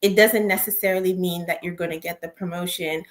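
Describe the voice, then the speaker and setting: A woman career coach giving interview answers in a measured, explanatory way, often affirming with a soft mm-hmm. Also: on the low side, steady tone. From Canada.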